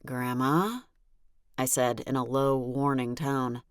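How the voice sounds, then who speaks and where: A woman's voice: a bass voice, moderate pace, no room sound, studio quality. A woman narrating a first-person audiobook in a wry, exasperated tone.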